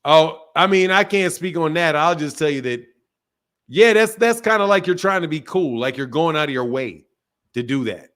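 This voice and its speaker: A man's voice: on the high side, lively intonation, normal speed, a bit bright. A man hosting a live stream, chatting casually with callers in a loose, profane, teasing way.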